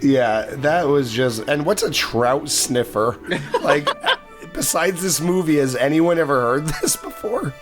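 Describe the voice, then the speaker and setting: A man co-hosting a casual film review podcast, making quick joking asides. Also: a little high, expressive, soft background music. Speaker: podcast co-host.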